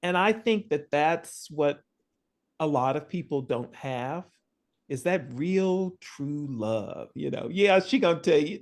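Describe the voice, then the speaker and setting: A middle-aged woman in a class on a video call, giving encouragement and telling lively stories about her family. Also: sits low, takes it slowly. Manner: warm encouraging, animated storytelling. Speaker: class participant. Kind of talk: casual supportive chat.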